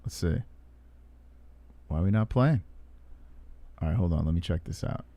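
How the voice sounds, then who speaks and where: A man hosting a live stream in casual chat, excitable and swearing freely. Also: low-pitched, normal speed, no echo. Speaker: stream host.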